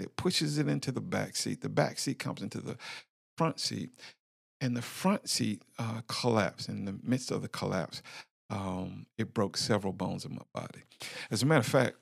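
A man's voice: lowish voice, vocal fry, husky, dry recording, clean studio sound. A middle-aged man hosting a podcast, telling his personal testimony in a candid, preacher-like way with fillers and repeats. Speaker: podcast host. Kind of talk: personal testimony, motivational talk.

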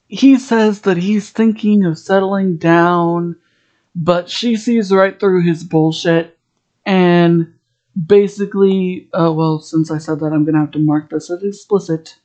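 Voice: mid-range voice, fairly even intonation, measured pace, a little mellow. A podcast host in a casual episode recap, rambling and chatty, full of "like" fillers and restarts.

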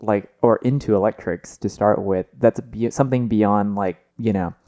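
Brief: man, podcast co-host, low voice, relaxed joking chat. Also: moderate pace. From Texas. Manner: relaxed, chatty, jokey asides. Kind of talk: casual chat.

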